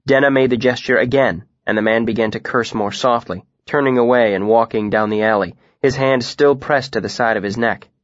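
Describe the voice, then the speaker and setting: A man narrating a story in the first person, in an even, measured way. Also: mid-range voice, no echo, highs cut off. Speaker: audiobook narrator.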